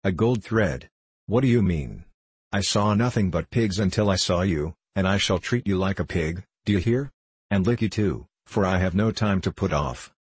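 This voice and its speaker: A man voicing a rough, insolent wild boy who herds swine, shouting and bossy in a low, husky voice. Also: expressive, normal speed, no echo. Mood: rough taunting.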